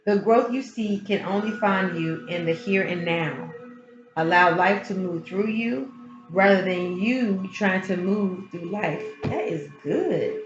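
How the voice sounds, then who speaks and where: A woman's voice: mid-range voice, takes it slowly. A woman giving a casual spiritual tarot reading, speaking frankly and emphatically and often repeating her key phrases. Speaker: tarot reader. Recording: roomy, slightly dull sound with music behind. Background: background music.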